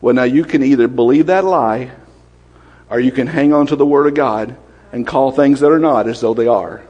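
A man preaching a sermon, quick-fire and lively, often asking questions of the congregation. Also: mid-range voice, slightly rough, in a large hall, dull audio.

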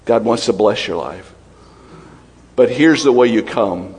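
Emotional preaching man in a reverberant hall. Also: normal speed. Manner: emotional, animated preaching with laughs and sudden drops to low, quiet tones. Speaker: pastor. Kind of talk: sermon.

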